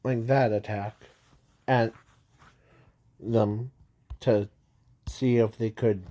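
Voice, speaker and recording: A man's voice: on the low side, fairly even intonation, dark tone. A man improvising a fan-fiction story aloud, stopping and restarting often and correcting himself as he goes. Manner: halting, many restarts and trailing words; says "sorry" to correct himself. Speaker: amateur storyteller.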